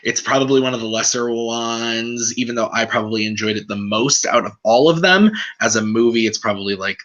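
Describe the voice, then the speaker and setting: Bright-voiced man hosting a movie review. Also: mid-range voice, a little fast, lo-fi sound. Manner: relaxed, filler-heavy, lots of "like" and "um". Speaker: host of a movie review channel. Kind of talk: casual movie review chat.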